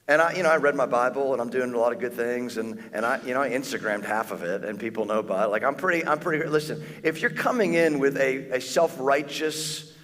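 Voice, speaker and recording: A male pastor preaching a sermon in a conversational, animated way, acting out quick asides to the congregation. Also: medium pitch. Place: church auditorium. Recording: long church hall reverb.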